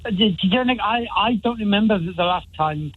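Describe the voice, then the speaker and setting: A man's voice: sits high, fairly quick. A man calling a radio phone-in, stumbling and hesitating as he searches for words. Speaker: caller. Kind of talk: phone-in call. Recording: tinny phone line.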